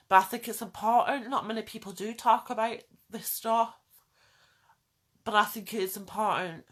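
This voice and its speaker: A woman's voice: medium pitch, a bit bright. A woman vlogger delivering a heartfelt rant straight to her viewers, pleading and repeating lines for emphasis. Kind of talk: impassioned direct-to-camera rant.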